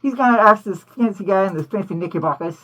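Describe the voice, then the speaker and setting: A woman hosting a cartoon commentary, talking in an animated, indignant way full of rhetorical questions. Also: medium pitch, quick pace, slight background noise. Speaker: host.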